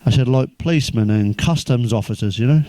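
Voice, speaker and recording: An English man doing crude stand-up, swearing constantly and telling deadpan one-liners. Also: mid-range voice, fast talker, dry recording. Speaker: stand-up comedian.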